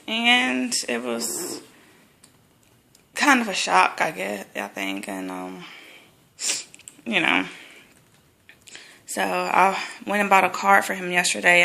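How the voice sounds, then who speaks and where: A woman's voice: on the low side, gravelly, pushed and bright. A woman telling a personal story in a casual vlog, chatty and full of fillers and restarts. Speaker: vlogger. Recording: echoey room.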